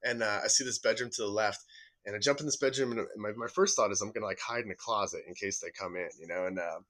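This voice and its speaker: A man with a low, bright and forceful voice tells a story as a podcast guest. He is animated and swears freely, and he acts out the people in the story as he goes. His delivery is loose and casual. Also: quick pace. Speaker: podcast guest, urban explorer.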